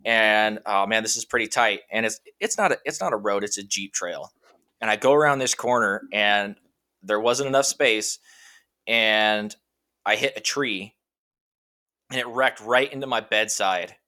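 Bright-voiced man telling a rambling story. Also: fairly low pitch, unhurried. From Washington state. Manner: rambling, animated anecdote with many fillers. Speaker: guest. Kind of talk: casual storytelling.

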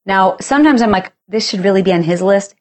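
A woman in her forties hosting a podcast, chatty and animated, casually talking through her routine and acting out bits of dialogue. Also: medium pitch, quick pace. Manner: chatty, animated, acts out dialogue with playful exaggeration. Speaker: podcast host. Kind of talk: casual solo talk.

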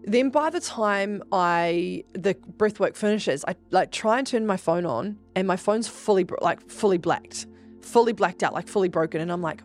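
A young woman with a somewhat low voice hosts a podcast, telling her story in a candid, casual way. She swears freely and keeps things expressive and chatty. Faint music plays behind her. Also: moderate pace. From New Zealand. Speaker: podcast host.

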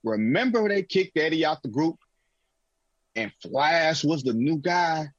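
Lively, husky-voiced man talking sports. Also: fairly high pitch, measured pace, dry recording, lo-fi sound. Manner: animated, storytelling with movie references. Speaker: sports talk co-host. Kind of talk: casual sports debate.

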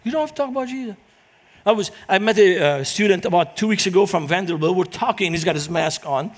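A middle-aged man from Lebanon, preaching in a lively storytelling manner as a guest speaker. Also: sits high, quick pace. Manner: animated, acts out quoted voices in anecdotes. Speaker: guest speaker, Christian minister. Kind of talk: storytelling sermon.

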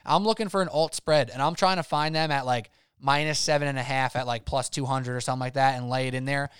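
A man's voice: mid-range voice, level tone, fairly bright tone, clean tone, no echo, studio quality. A man co-hosting a sports betting podcast, rattling off emphatic opinions in casual chat. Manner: emphatic, rapid-fire opinions.

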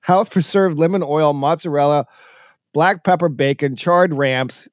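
A male co-host in casual chat, laughing often and talking with many fillers, sounding tired from a rough week. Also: fairly high pitch, a little slow, no room sound, clean studio sound. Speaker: radio co-host.

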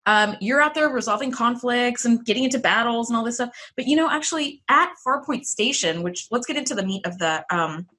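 Young woman podcast co-host, bright lively voice, animated casual chatter. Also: fairly high pitch, brisk, hardly any pauses. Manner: animated, exclaims, frequent "like". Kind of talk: casual chat.

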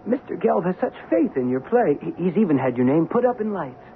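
A flustered theater agent stammers his way through a 1970s radio play, his voice rising and falling a lot. His slightly high voice comes through tinny and phone-like, with a faint hiss. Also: big pitch swings, brisk. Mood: pleading. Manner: nervous and stammering. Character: flustered male theater press agent, also narrating. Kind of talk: 1970s radio drama acting.

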